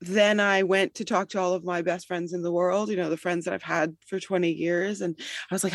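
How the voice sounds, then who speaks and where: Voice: medium pitch, flat delivery, fairly quick, dry recording. Articulate founder explaining at length, dry sound. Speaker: guest, app founder. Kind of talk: interview answers.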